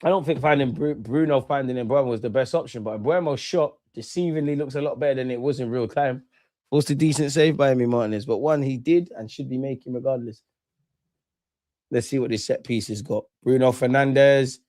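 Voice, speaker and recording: Brisk and lively in intonation, with a mid-range, darkish voice, a young man streams a football watchalong, making slangy, bored-sounding remarks on the live match. No room sound is audible.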